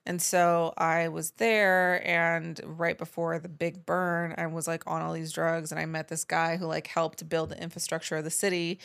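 A woman's voice: sits low, little pitch movement, normal speed, vocal fry, hardly any pauses, a bit bright, clean tone. A young woman on a comedy podcast, telling candid, swearing stories about herself. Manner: candid, swearing, self-deprecating storyteller. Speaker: comedian guest. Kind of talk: casual podcast chat.

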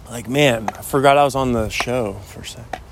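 A man's voice: medium pitch, normal speed, a little hiss or hum. A man rambling casually in a solo podcast while walking outdoors, with a lot of "like"s. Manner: rambling, chatty, many "like"s. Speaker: podcast host.

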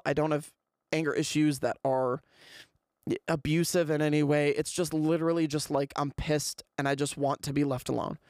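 Young dude rambling on his podcast, lots of "like", raspy edge, dead dry sound. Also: fairly high pitch, no echo. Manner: rambling, animated, heavy on "like". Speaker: podcast host. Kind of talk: casual storytelling monologue.

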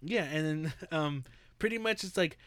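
A man's voice: a little high, expressive, moderate pace, a bit bright, no room sound. A man hosting a casual podcast, hyped and teasing in tone. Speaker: podcast host.

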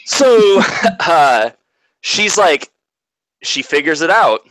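A man's voice: a little high, big pitch swings, drawn-out words, fairly bright tone, no echo, poor audio. A man in casual chat, animatedly retelling a movie plot and swearing freely.

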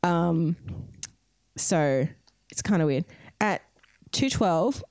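Chatty woman host, lowish voice. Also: animated, drawn-out words, a little mellow, no echo, clean studio sound. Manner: chatty, many fillers, recounting events. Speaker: podcast co-host. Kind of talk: casual true-crime storytelling.

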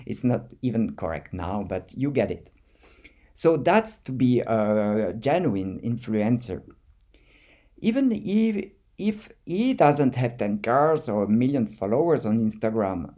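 Slow, mellow man with a French accent. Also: lowish voice. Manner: thoughtful, halting, repeats words while searching for them. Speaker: artist vlogger. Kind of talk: reflective monologue to camera.

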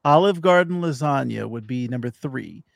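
A man co-hosting a gaming podcast, chatty and eager and quick to laugh. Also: mid-range voice, expressive, vocal fry. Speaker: podcast co-host. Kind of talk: casual podcast chat.

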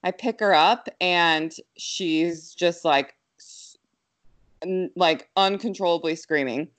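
A young adult woman casually telling a story, quick and animated, full of fillers. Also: fairly low pitch.

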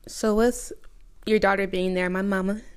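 A young adult woman hosting a podcast, asking gentle, hesitant questions in an interview. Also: mid-range voice, level tone, moderate pace, clean tone. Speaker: podcast host.

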